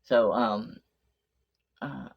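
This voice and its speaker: A woman's voice: very deep voice, steady tone, very slow, creaky, breathy edge, muffled recording. A woman vlogger telling a story in a chatty, rambling video diary.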